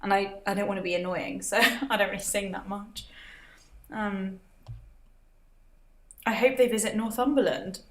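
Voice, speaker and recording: A woman's voice: medium pitch, fairly even intonation, normal speed, pauses often, fairly bright tone. Chatty woman reading comments. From Britain. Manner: chatty, laughs often, reads out viewer comments. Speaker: livestream host. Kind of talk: casual livestream chat. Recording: roomy echo.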